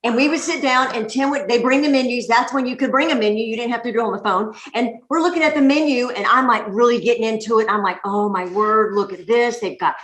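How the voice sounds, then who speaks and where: Bright-voiced woman telling a story in church. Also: a little high, quick pace, few pauses. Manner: lively, laughing storyteller. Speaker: pastor. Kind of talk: sermon-style storytelling. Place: church sanctuary. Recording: echoey church room.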